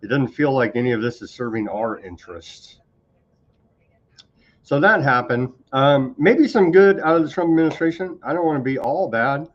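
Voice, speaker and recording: A man's voice: medium pitch, moderate pace, muffled recording. A male host reading out news items with casual, skeptical commentary. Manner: reads documents aloud, casual asides.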